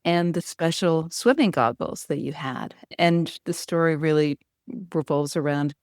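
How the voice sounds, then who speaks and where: A woman's voice: deep voice, measured pace, a little mellow, no echo, clean studio sound. A woman hosting a podcast interview, affirming her guest and asking reflective questions. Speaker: podcast host. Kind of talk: interview conversation.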